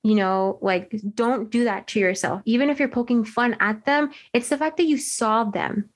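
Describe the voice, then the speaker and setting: A young woman co-hosting a podcast, telling a story in an animated, slangy way with lots of "like" into a desk microphone. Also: fairly high pitch, moderate pace. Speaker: podcast co-host. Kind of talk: casual chat.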